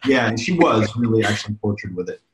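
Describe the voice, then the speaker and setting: A man in casual conversation sharing parenting advice, talking in a relaxed, rambling way with restarts. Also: lowish voice, fast, roomy sound, a crowd in the background.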